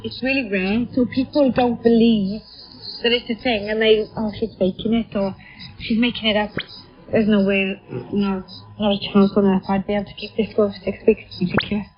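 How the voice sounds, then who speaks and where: A woman's voice: mid-range voice, flat delivery, normal speed. A woman from England speaking with a Welsh accent, heard with a heavy cold, talking candidly in a radio news interview. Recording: muffled shortwave radio broadcast.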